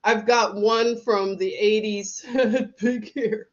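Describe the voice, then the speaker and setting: A woman's voice: medium pitch, fairly even intonation, slow pace, muffled recording. A middle-aged woman hosting a casual livestream, telling stories, laughing often and reading out viewer comments. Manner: chatty, laughs often, storytelling.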